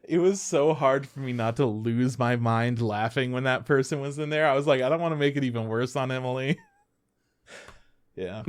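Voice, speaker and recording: Medium-pitched and smooth, this young man's voice moves at normal speed as he co-hosts a podcast. He's an animated storyteller in a casual chat, acting out quotes and swearing freely.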